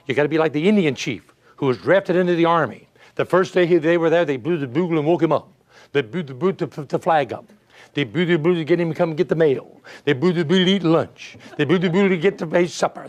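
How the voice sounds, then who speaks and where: An older man delivers a motivational talk in a high-pitched voice. He is animated and folksy, and he uses rhetorical questions, stories and chuckles to keep his listeners engaged. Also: fast. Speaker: motivational speaker. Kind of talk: motivational speech to an audience.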